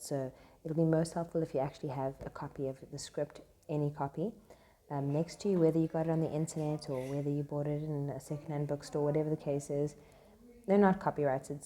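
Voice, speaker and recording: A woman's voice: sits low, mellow. A woman tutoring a play chattily, full of fillers and "right?" checks, speaking in a classroom. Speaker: literature tutor. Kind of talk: casual explanatory lesson with read-aloud quotes. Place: classroom with noise around.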